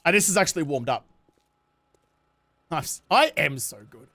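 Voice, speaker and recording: A man's voice: on the high side, sing-song, moderate pace, bright, forceful tone. A young Australian man streaming a game, chatty and jokey, his voice worn and tired. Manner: chatty, jokey, self-mocking. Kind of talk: casual live-stream chat.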